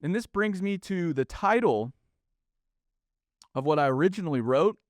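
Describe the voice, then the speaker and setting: A man's voice: fairly high pitch, expressive, moderate pace, no echo, studio quality. A man, hosting a solo podcast in a blunt, sarcastic way that mocks corporate speak. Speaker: podcast host.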